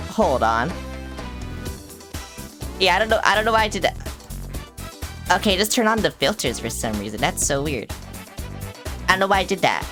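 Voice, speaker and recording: A woman with a notably low voice streams a video game. She talks in a hyper, rambling way, full of playful swearing and sudden asides. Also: sing-song, a little slow, long pauses, a bit bright, soft background music. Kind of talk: casual gaming livestream chatter.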